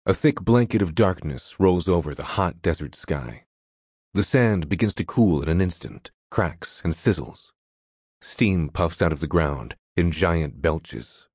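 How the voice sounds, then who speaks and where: A man with a very low voice reads an audiobook in a measured, descriptive way. The recording is dry and close, with no room sound. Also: a little mellow, breathy edge, no echo. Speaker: narrator. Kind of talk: audiobook narration.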